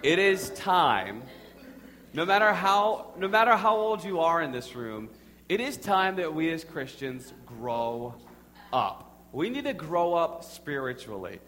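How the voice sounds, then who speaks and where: A man's voice: fairly high pitch, slow. A young adult man preaching a sermon, who tells stories and leads his congregation in call-and-response. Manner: animated, addresses the congregation directly; storytelling with audience prompts. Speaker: pastor. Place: church sanctuary with congregation. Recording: reverberant hall with faint hum.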